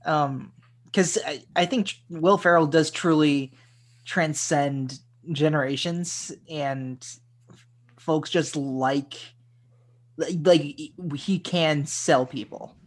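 Male co-host, husky tone, halting casual film chat full of fillers. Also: on the high side. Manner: halting, many fillers and restarts. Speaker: podcast co-host.

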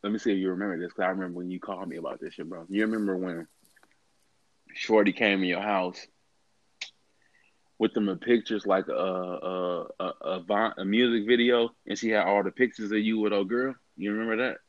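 A man's voice: deep voice, steady tone, a little fast, no room sound, highs cut off. A man in casual chat, laid-back and joking. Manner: laid-back, laughing banter.

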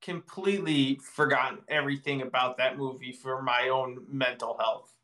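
A man co-hosting a casual podcast, reacting with quick wisecracks. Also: mid-range voice, steady tone, sharp tone. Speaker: podcast co-host.

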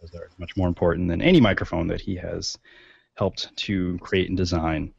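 A man's voice: sits low, little pitch movement, moderate pace, gravelly, breathy edge, dry recording. A man co-hosting a podcast in casual chat, rambling with many fillers and restarts. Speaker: podcast co-host. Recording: dull, lo-fi sound.

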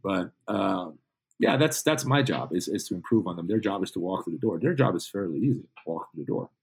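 A man's voice: low voice, animated, fairly quick, creaky, breathy edge. A man talking as a podcast guest in a casual interview, stressing his points emphatically and repeating phrases for weight. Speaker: podcast guest, jiu-jitsu instructor.

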